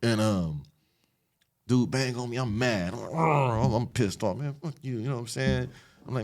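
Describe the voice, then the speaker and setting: A man from the Los Angeles area, a podcast guest retelling his past in an animated, streetwise, profane way. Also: medium pitch, fairly quick. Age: adult, after an 18-year sentence. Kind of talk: casual storytelling interview.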